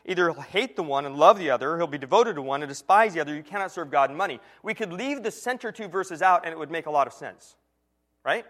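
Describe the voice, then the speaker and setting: A man preaching a sermon in an earnest teaching tone, slowing and dropping quiet to stress key lines. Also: on the high side, expressive.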